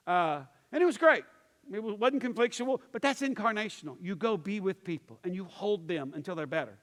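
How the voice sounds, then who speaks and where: A fast-talking male pastor with a high, animated, fairly bright voice tells stories to his church class, performing the voices in them. He's from the Pittsburgh area, restarts and uses fillers often, and the room has a long hall reverb.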